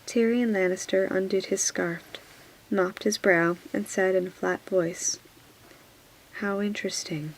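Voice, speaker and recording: A woman reading a fantasy novel aloud in a soft whispered role-play, hushed and gentle. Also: mid-range voice, fairly even intonation, measured pace, slight background noise, rough recording. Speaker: audiobook reader.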